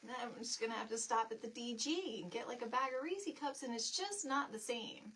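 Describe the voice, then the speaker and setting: A woman's voice: on the high side, lively intonation, brisk, fairly bright tone, slight background noise. A middle-aged woman hosting a live home-decor stream, chatting in a rambling, friendly way and answering viewer comments as she works. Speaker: DIY live stream host. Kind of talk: casual chat while crafting on a live stream. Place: home craft space, indoors.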